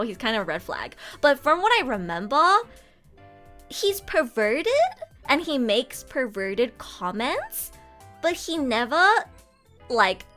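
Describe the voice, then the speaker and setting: A woman's voice: fairly high pitch, a bit bright. A young woman streaming casually, frank and giggly, often stumbling and restarting her sentences. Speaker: streamer and voice actor. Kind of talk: casual livestream chat.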